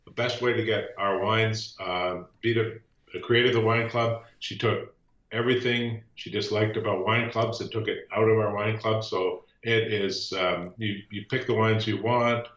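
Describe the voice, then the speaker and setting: A man who makes wine, a guest in a radio interview, talking in a relaxed, hesitant way and plainly fond of his wines. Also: on the low side, unhurried, echoey room, dull audio. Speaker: winemaker.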